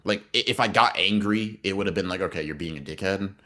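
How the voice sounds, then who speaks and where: Young male podcast co-host, low-pitched, animated slangy storyteller. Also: fast talker. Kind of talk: casual storytelling chat.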